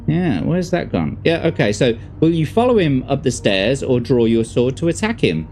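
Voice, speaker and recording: A man's voice: medium pitch, normal speed, soft background music. A man hosting a show, reading a fantasy gamebook aloud to a guest and chatting casually between the passages. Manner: lively, expressive reading with relaxed asides. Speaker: host and gamebook reader.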